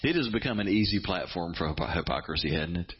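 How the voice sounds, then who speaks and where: A man's voice: sits low, expressive, fast, slightly rough, highs cut off. A man preaching a sermon as a pastor, quoting scripture dramatically and building intensity as he talks.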